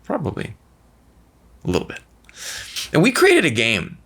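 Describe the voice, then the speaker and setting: A man's voice: fairly high pitch, huge pitch swings, measured pace, sharp tone, husky. A man hosting a money-tips vlog, telling a family story casually and animatedly, with frequent restarts and repeated words. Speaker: vlog host, father.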